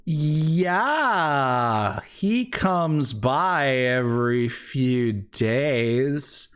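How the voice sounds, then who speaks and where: A man's voice: mid-range voice, lively intonation, extremely slow, a bit bright, smooth. A man voicing a blunt, dismissive young woman serving at a tavern in a tabletop game.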